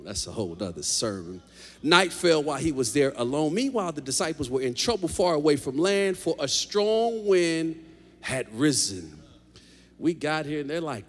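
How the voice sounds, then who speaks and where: A man preaching a lively sermon as pastor, joking with the congregation in a large church. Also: fairly high pitch, measured pace. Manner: animated preaching, jokes with the congregation. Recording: long hall reverb.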